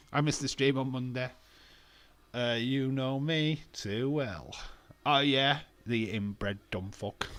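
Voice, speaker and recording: A young man casually chatting on a live stream, reading out viewer comments, laughing often and swearing now and then. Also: mid-range voice. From England.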